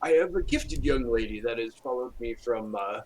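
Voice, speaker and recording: A man's voice: medium pitch, lively intonation, moderate pace, a little mellow, slight background noise, close to an everyday voice, poor audio. A man voicing a fussy, eager-to-please male priest who stammers apologetically. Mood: flustered.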